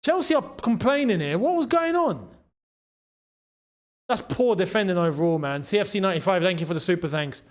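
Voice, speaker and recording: A man hosting a live football watchalong, reacting to play and chatting to viewers, shouting at big moments. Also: high voice, fairly quick. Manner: excitable, shouts at goals, chats to viewers. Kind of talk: live match watchalong commentary.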